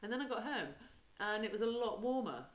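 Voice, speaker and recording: A woman's voice: on the high side, lively intonation, fairly quick. A young woman co-hosting a podcast, rambling through stories in a casual chat and calling her co-host mate. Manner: chatty, rambling storyteller, says mate a lot. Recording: echoey room.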